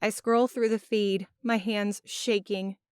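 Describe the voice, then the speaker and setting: Expressive woman narrating an audiobook. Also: mid-range voice, slow, clear, resonant tone, no echo. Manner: expressive, emotional storytelling. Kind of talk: first-person audiobook narration. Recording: dry, close studio sound.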